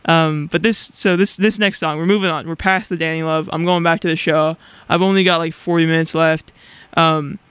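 Young male student DJ, nervous and rambly, smooth voice, dry studio mic. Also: a little high, fairly bright tone, no room sound. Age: young adult. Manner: rambling, many filler words. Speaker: college radio DJ. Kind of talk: casual on-air chat.

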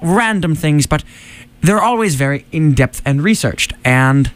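A man's voice: fairly high pitch, expressive, a little slow. A man hosting a radio show, joking along with his co-host in an easygoing, announcer-like way into a studio microphone. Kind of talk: comic radio chat.

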